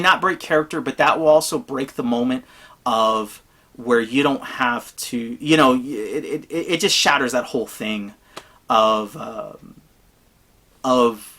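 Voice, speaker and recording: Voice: mid-range voice, fairly bright tone. A tabletop role-playing gamer giving casual advice in a blunt, emphatic, rambling way.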